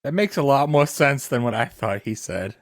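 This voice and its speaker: A man's voice: mid-range voice, expressive, normal speed, vocal fry, dry recording, studio quality. A man co-hosting a podcast, chiming in with short joking asides about a show. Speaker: podcast co-host. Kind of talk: casual chat.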